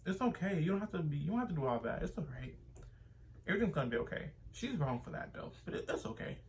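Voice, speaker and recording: A man voicing a soft-spoken, anxious female coworker who pleads and soothes quietly. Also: on the high side, very animated, fast, distant mic, slight background noise. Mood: soothing.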